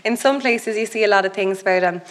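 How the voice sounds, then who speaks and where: A woman with an Irish accent giving a public lecture, telling stories lively and mimicking the people she met. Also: quick pace. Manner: lively storytelling, mimics islanders in high voices.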